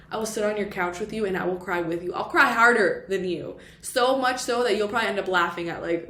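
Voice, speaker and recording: A woman's voice: medium pitch, fairly even intonation, a little fast, creaky, a bit bright. A woman chatting casually about a book she read, with lots of "like" and "you know" fillers and the odd Spanish phrase. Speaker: book vlogger. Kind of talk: casual book review chat. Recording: echoey room with faint ambience.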